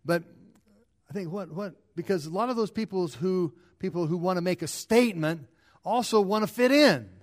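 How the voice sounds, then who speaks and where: Middle-aged man, pastor preaching, slightly high voice, repeats himself and restarts. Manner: repeats words and restarts, rising and falling emphasis. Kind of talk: sermon.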